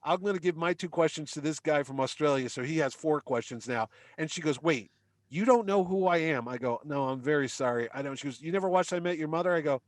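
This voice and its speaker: A man's voice: a little high, fast, no room sound. A middle-aged man telling a long anecdote in casual chat, acting out the voices of people he met. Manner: animated anecdote teller, acts out dialogue. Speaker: podcast guest. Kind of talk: casual storytelling.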